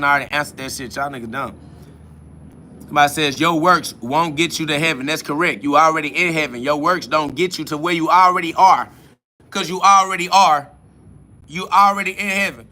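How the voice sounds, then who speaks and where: Bright-voiced combative man ranting. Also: on the high side, a little hiss or hum. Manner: combative, mocking, profane. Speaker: podcast host answering comments. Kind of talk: profane spiritual rant.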